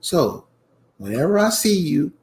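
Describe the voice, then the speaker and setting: His slightly high voice swings widely in pitch, unhurried and darkish in tone. As a channel host ranting casually to his audience, he gets emphatic and preachy, repeats himself, and addresses them as "y'all."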